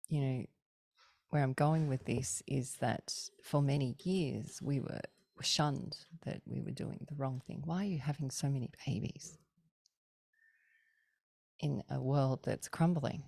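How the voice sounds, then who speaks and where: A middle-aged woman with a low, mellow voice tells stories as a podcast guest. She talks in a lively, casual way, acts out the people she quotes and laughs often. The sound is dry and close. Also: vocal fry, dry recording. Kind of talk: casual storytelling.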